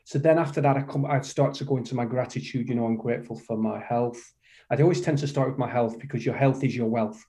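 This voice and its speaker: A man's voice: mid-range voice, quick pace, warm tone. A middle-aged man from the UK, a kindness coach speaking as a guest on a podcast, talking with passion and emphasis, repeating his key phrases. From United Kingdom. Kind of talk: podcast interview conversation.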